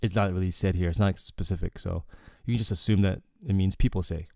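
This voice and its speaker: Low-voiced man explaining Korean casually. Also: fast talker, vocal fry, no echo, clean studio sound. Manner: relaxed, explanatory, frequent "okay" and "like". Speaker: Korean language teacher. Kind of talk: casual lyrics breakdown lesson.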